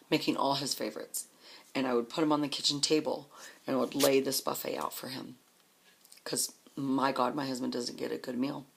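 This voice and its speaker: Middle-aged woman, raspy edge, telling it straight with plenty of swearing. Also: extremely low pitch. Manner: blunt, swears often, repeats words when emotional. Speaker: trucker's wife telling her story. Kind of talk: candid personal storytelling.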